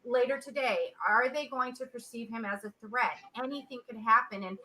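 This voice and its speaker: A woman's voice: fairly high pitch, moderate pace, bright, forceful tone, low-quality recording. A woman in her forties, an interview guest speaking earnestly on a video call and repeating words for emphasis. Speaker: interview guest, social entrepreneur. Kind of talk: emotional interview talk.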